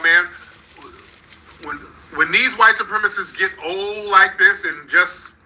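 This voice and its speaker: A man's voice: high voice, sharp tone, a little hiss or hum, poor audio. A man from North Texas hosting a reaction commentary, talking bluntly and heatedly straight to his viewers. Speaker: commentary channel host.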